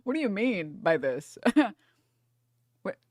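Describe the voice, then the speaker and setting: A young American woman streaming and telling stories in loose, profane chat. Her voice sits at a middle pitch and is recorded close and dry, with no room around it. She keeps up an animated energy and laughs as she talks. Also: slow, dry recording. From United States. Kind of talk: casual storytelling chat.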